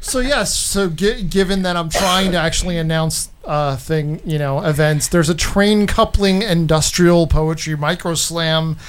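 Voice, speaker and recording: A man hosting a radio show, announcing upcoming events in a halting way with many fillers and restarts. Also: fairly high pitch, noisy background. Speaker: radio host.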